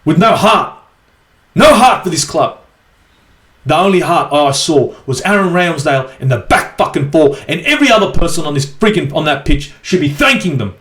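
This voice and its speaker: A man's voice: on the high side, roomy sound. An Australian man ranting angrily as a football fan vlogger in a profane, exasperated match review. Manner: angry, sweary, exasperated.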